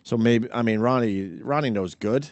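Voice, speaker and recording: A man's voice: mid-range voice, moderate pace, a little hiss or hum. Playful male radio host. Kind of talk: casual radio chat.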